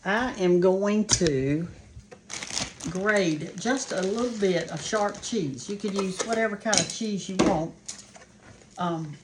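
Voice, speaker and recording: A woman's voice: mid-range voice, slow pace. An older woman from the American South with a Southern accent, chatting folksily to viewers while cooking in her home kitchen. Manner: folksy, homey, talks to viewers as y'all and honey. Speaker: cooking show host. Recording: kitchen noise behind voice. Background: frying and sizzling of cooking.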